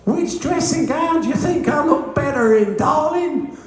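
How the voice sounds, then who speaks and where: A man putting on the squeaky, high-pitched voice of a huge, laid-back heavyweight boxer. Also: animated, unhurried, faint music behind. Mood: easygoing. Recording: echoey room.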